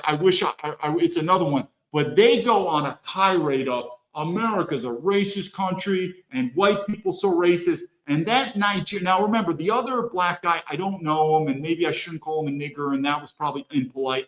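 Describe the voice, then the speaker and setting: A man from the United States hosts a solo livestream, with a high voice for a man. He rambles and rants heatedly, stumbling and restarting his sentences. His voice echoes around a roomy space. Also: a bit bright. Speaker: livestream host.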